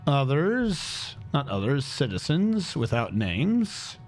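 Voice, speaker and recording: Lively man muttering through gameplay. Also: mid-range voice, slow, faint music behind. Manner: talks to himself while playing, muttering and humming. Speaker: streamer. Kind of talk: casual gameplay commentary.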